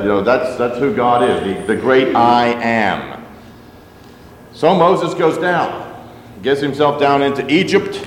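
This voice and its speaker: A mid-range male voice, with a touch of hiss or hum, belongs to a pastor preaching to his congregation. His delivery is loose and conversational, sprinkled with asides and fillers, and the roomy sanctuary gives a long reverb.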